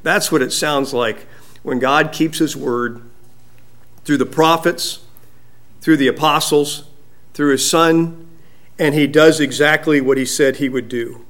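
Male pastor preaching slow and deliberate, kinda high voice, big emphatic rises on the scripture bits. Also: steady tone, a bit bright. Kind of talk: sermon.

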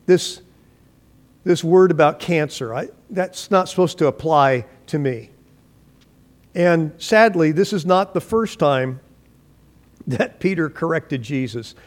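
A man preaching a sermon, reading scripture and acting out voices with animated delivery and frequent restarts. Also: a little high. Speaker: pastor.

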